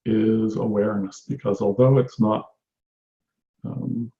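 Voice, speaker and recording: A man giving an unhurried, reflective talk on meditation as a teacher, often restarting his phrases. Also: on the low side, creaky, warm tone. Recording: echoey room, dull lo-fi sound.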